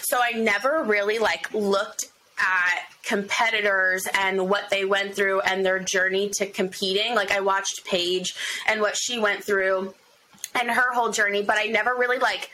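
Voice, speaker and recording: A young woman guest on a podcast, chatting in a loose, rambling way with plenty of "like" thrown in. Her voice is bright and forward, with a faint hiss underneath. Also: medium pitch, steady tone, a little slow, poor audio. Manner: chatty, lots of "like" fillers. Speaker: podcast guest, bikini competitor. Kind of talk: casual chat.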